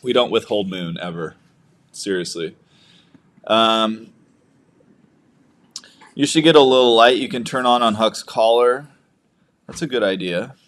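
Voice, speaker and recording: A man's voice: on the low side, a little slow, pauses often, fairly bright tone. A young man co-hosting a casual livestream, joking around and reading viewer comments aloud. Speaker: livestream co-host, new father.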